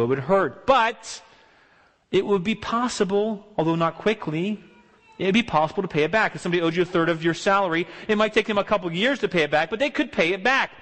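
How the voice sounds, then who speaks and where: A man's voice: sits high, a bit bright. Emphatic male preacher in a reverberant hall. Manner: emphatic rhetorical exclamations and repetition. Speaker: pastor. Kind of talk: sermon.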